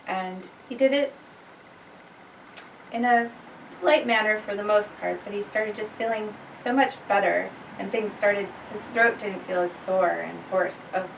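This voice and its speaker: Gravelly-voiced woman narrating a tale. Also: mid-range voice, a little hiss or hum. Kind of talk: improvised group storytelling. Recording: roomy, mic far off.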